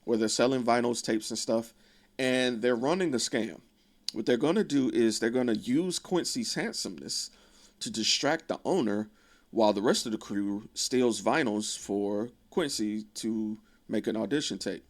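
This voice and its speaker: A man casually recapping a film's plot, animatedly quoting the characters as he goes. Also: moderate pace. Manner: animated retelling, quoting characters with raised pitch. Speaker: video essayist. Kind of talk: casual film recap commentary.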